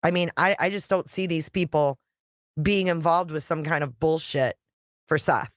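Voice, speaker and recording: A woman YouTube creator chats casually on a live stream, blunt and talkative, reading out viewer comments and swearing now and then. Her voice is low-pitched at a moderate pace. The sound is clean studio quality with no echo.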